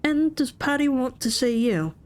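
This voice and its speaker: A woman's voice: high voice, very animated, moderate pace, darkish tone, voice pushed up. A woman voicing a suspicious, bullying gang doorman in an attempted Irish accent. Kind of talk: game voice acting.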